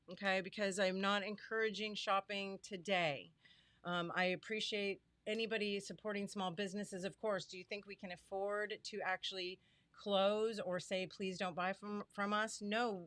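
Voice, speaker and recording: A woman's voice: medium pitch, fairly bright tone, no room sound. A middle-aged woman hosting a live stream from her home studio, greeting viewers by name in a chatty, heartfelt way. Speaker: livestream host and small business owner. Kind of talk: casual live stream chat.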